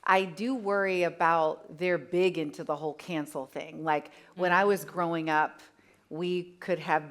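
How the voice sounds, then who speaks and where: A woman on a live panel, speaking thoughtfully and in a measured way. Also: lowish voice, steady tone. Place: on stage in a town hall venue.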